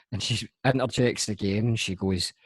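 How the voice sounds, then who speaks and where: Husky Glaswegian man telling a story. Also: on the low side, fairly even intonation, dry recording. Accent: Glaswegian Scottish. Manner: halting, amused anecdote telling. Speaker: podcast host, mental health nurse. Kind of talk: casual storytelling.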